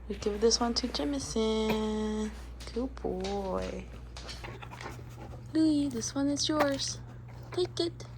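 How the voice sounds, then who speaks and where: A woman vlogging in her home, doting on her dogs in soft baby talk. Her voice sits a touch high, with a gravelly edge, and drifts very slowly. The recording carries clear background noise. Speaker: stay-at-home mom vlogger. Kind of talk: casual vlog narration. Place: home indoors.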